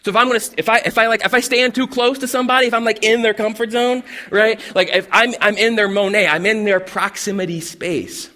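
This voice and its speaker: A bright-toned male pastor with a high voice, talking through his sermon in a loose, conversational way. He stumbles and restarts often and acts out little asides as he goes. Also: a little fast, hardly any pauses. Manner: conversational, animated, with many restarts and acted-out asides. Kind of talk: casual sermon.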